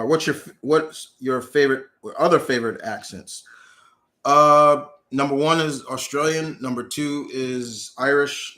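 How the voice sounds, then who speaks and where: A man's voice: medium pitch, sharp tone. A man hosting a casual live Q&A, rambling through viewer questions and correcting himself mid-sentence. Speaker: host answering viewer questions.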